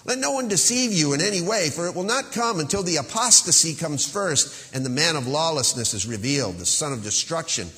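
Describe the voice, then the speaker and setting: Man preaching, lively pitch, bright voice, long hall reverb. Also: a little fast, hardly any pauses. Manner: earnest, emphatic, warning. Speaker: pastor. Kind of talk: sermon.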